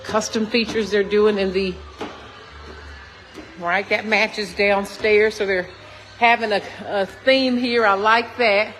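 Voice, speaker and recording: Filming on a phone in an unfinished, empty house, a woman realtor from Texas walks viewers through a new model home in a chatty way, often exclaiming and saying "y'all." She speaks slowly at a medium pitch, with a steady, slightly bright tone, against echoey rooms and faint background noise.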